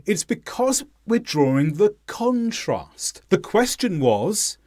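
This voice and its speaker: Guy teaching english pronunciation, slow and careful, lots of up and down in his voice, leans hard on key words, dry sound. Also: high voice, very animated, no echo. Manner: slow, deliberate, exaggerated stress on key words. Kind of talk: scripted lesson.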